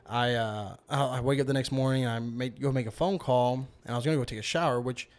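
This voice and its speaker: A man's voice: medium pitch, fast. A man telling a long personal story on a podcast as the guest, rambling with lots of "you know" and "like". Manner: rambling, heavy use of fillers like "you know". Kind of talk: casual storytelling.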